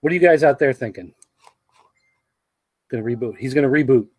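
A man's voice: mid-range voice, brisk, slightly rough, no echo. A man producing a podcast, chatting casually on a livestream from a small control booth, rambling with many ums. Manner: rambling, with many fillers and restarts.

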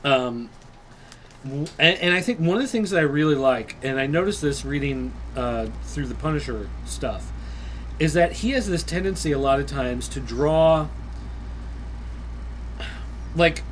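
A man co-hosting a comic book chat, quick with wry, joking remarks. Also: fairly high pitch, expressive, slight background noise, poor audio. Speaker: comic book podcast co-host. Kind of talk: casual chat.

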